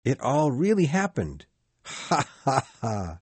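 A man's voice: medium pitch, huge pitch swings, slow, a little mellow, breathy edge, dry recording, voice pushed up, full character voice. A man voicing an elderly reformed miser, overjoyed and laughing as he exclaims his lines. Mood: giddy.

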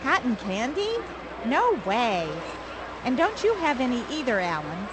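A woman's voice: a little high, wildly swooping pitch, a little slow. A young woman with an American accent acting a firm, lecturing newlywed wife in a scripted learner dialogue. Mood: bossy. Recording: background noise.

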